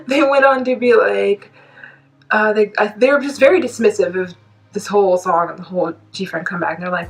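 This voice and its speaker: A woman in her twenties ranting casually to camera as a K-pop vlogger, animated and indignant, rambling and laughing between points. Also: medium pitch, a little fast, creaky, low-quality recording. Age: 20s.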